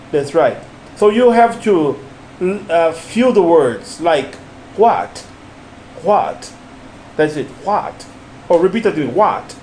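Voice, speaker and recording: A man's voice: fairly high pitch, a little mellow. A man teaching English one-on-one, patiently repeating phrases and coaching his student on stress and intonation. The recording sounds roomy, with a faint hiss.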